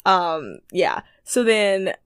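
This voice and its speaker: A young woman co-hosting a casual recap chat, animated and playful, laughing often. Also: lowish voice, very slow, clean tone, no echo, studio quality. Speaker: podcast co-host.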